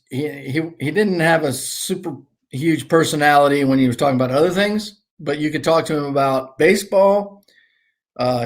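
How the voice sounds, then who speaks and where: A middle-aged man, a former ballplayer and guest, telling rambling, animated anecdotes in casual conversation. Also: medium pitch. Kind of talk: casual storytelling.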